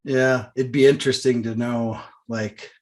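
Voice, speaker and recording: A man's voice: medium pitch, fairly even intonation, unhurried. A man hosting a business podcast, casual and loose, laughing often. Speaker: podcast host.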